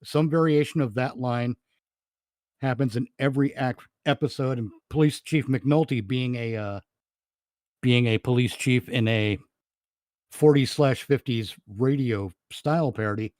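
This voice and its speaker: A man's voice: medium pitch, unhurried, a little mellow, no echo, studio quality. Rambling man laughing at his own jokes. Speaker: podcast host and comedy writer. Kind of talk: casual chat.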